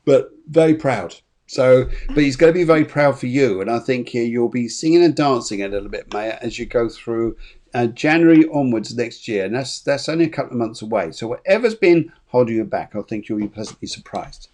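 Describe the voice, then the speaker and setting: A man hosts a live spirit-reading show, speaking at an ordinary mid pitch. He chats freely and repeats phrases as he relays messages. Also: expressive, fairly quick, a little mellow. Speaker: medium giving readings. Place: lives in Spain.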